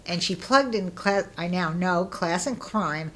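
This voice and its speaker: A middle-aged woman being interviewed, telling stories in a casual, lively way and acting out what people said with bursts of laughter. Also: lowish voice, measured pace. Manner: lively, acts out quoted voices with laughter. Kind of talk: casual storytelling.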